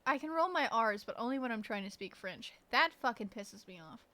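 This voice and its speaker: A woman streamer giving casual gameplay commentary on a close desk mic, blunt, profane and excitable. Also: a little high, fairly quick.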